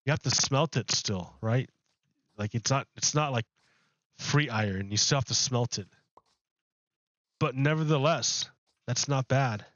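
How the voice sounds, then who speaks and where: A man's voice: medium pitch, unhurried, long pauses, a bit bright, dry recording, lo-fi sound. A man chatting casually while livestreaming a game from his apartment, rambling and loose with his words. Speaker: game streamer. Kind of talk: casual live-stream chat. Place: home apartment.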